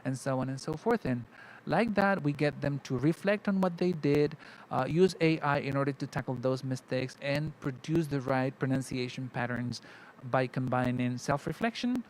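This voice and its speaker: A man's voice: medium pitch, moderate pace, slight background noise, rough recording. A man, an English teacher, explaining a pronunciation teaching method in an interview, thoughtful and restarting often as he models words.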